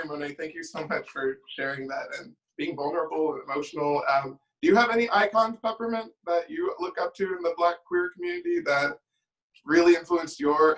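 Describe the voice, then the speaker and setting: A man's voice: fairly high pitch, a bit bright. A man facilitating a panel, asking questions in an upbeat, encouraging way. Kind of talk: moderating a panel. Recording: distant from the mic.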